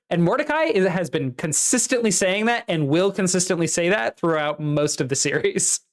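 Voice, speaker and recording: A woman with a slightly low voice co-hosts a casual book podcast. She recaps the plot at length in a lively, chatty way. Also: fairly quick, hardly any pauses. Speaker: podcast co-host.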